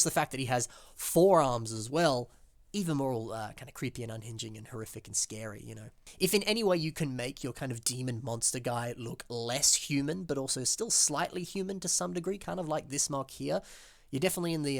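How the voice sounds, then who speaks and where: An Australian man with an Australian accent and a mid-range voice hosts casual commentary reviewing fan-built models. He chats enthusiastically about the builds with plenty of fillers, and there is no echo.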